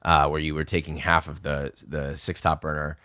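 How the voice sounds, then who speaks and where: Deep-voiced young man, dry close sound, animated storyteller who swears a lot. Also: normal speed, clear, resonant tone, no echo. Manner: animated, swearing, acts out quotes. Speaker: podcast guest. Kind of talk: casual storytelling.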